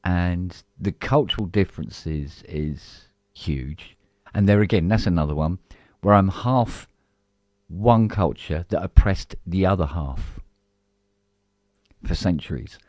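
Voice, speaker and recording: Man, middle-aged, very deep voice, rambling casual chat, dry close sound. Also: slow pace, darkish tone, dry recording. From England. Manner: rambling, full of restarts and coughs. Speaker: co-host of a live stream.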